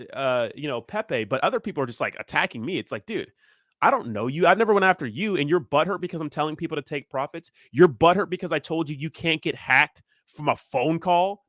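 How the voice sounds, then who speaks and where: A young man hosts a crypto livestream, his voice a touch high and sitting close and dry on the mic. He rants with fired-up energy, leans on filler phrases and answers viewers' chat. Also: fairly bright tone, no room sound. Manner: fired-up, ranting, heavy filler "you know what I mean". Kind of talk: live stream chat, reacting to viewers.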